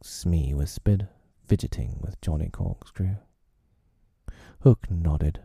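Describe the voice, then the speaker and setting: Slow, dark-toned male narrator for a storybook reading; husky, dry close sound. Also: low-pitched, no room sound.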